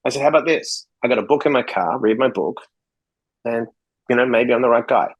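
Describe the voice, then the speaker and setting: A man's voice: medium pitch, a little fast, slightly rough, muffled recording. A man from Australia, a podcast guest, telling stories bluntly and swearing freely as he acts out conversations. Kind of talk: casual interview storytelling.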